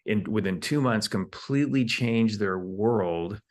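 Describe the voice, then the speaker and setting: A man's voice: lowish voice, unhurried. A man, an entrepreneur being interviewed, who explains his ideas in numbered steps and often repeats words while he thinks. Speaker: entrepreneur guest. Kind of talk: conversational interview.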